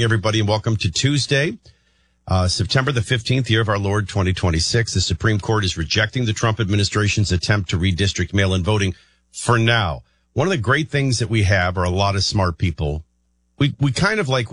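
A man hosting a morning talk radio show, rambling and thinking out loud with many restarts. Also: on the low side, no room sound.

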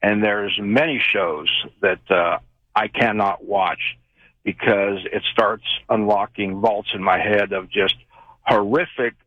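A man's voice: fairly low pitch, no echo. A man calling into a late-night radio show, telling a long rambling story with many fillers. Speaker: caller. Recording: tinny phone line.

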